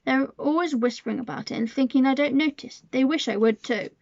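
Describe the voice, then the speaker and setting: A woman's voice: high voice, brisk, vocal fry, a little mellow, no echo. A woman reading a storybook aloud and voicing a sickly young boy who talks in a fretful, petulant way. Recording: dull lo-fi sound.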